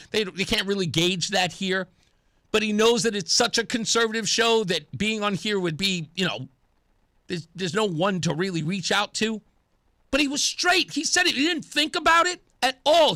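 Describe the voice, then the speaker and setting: A man's voice: sits high, moderate pace, no echo, studio quality. A man hosting a radio talk show, giving an opinionated monologue and acting out the dialogue he quotes. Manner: animated, acts out quoted dialogue; laughs at himself.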